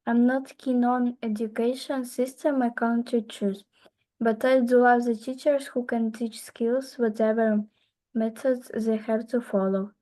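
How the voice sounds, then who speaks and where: A woman learner reads grammar examples aloud over a video call, stopping and restarting on harder words. Her voice is fairly high but flat and mellow, and she moves very slowly. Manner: hesitant, halting, stumbles on words. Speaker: English learner. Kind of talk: reading aloud in a lesson.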